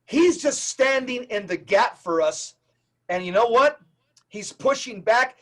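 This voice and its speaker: A man who is a Catholic evangelist, a guest on a podcast interview, talking in an emphatic, preacher-like, rapid-fire way. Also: very high voice, lively intonation, a bit bright.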